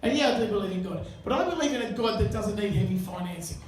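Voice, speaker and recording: A crude male stand-up comic works an echoey pub, keeping his set conversational and bantering with the laughing crowd. He speaks quickly in a high voice with lively intonation, and the mic sits far away.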